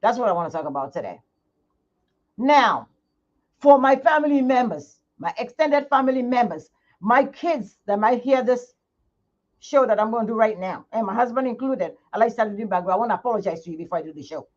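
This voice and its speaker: A woman's voice: fairly high pitch, expressive, a little fast. A middle-aged woman hosting her own channel from home, venting frankly to her viewers in a casual livestream chat. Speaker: skincare channel host. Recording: muffled lo-fi sound.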